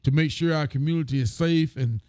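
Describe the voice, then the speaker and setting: Smooth-voiced sheriff hosting. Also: male voice, fairly high pitch, a little fast, darkish tone, no echo. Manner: reads out viewer comments and greets each by name. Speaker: sheriff hosting a live show. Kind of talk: casual live-stream greetings.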